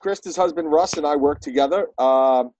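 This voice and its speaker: A man's voice: on the high side, normal speed, darkish tone, highs cut off, faint music behind. A man from Brooklyn with a New York accent, a podcast guest who talks hesitantly with a self-deprecating humor. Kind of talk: casual chat.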